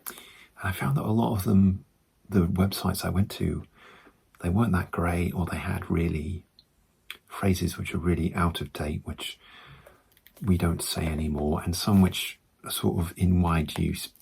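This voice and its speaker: A man with a British accent, talking slowly and softly in soft-spoken ASMR, often slipping into whispers, close to the microphone. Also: deep voice, fairly even intonation, creaky, slightly rough. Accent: British English. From Britain. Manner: slow, soft speech drifting into whispers. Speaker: ASMR creator.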